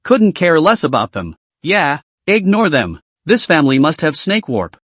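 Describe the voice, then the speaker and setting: A blunt, talkative middle-aged taxi driver, read by a man with a somewhat high, lively voice. He rambles on in a skeptical, chatty way. The recording is dry and close, with no room sound. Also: moderate pace, no echo. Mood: incredulous. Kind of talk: scripted story narration.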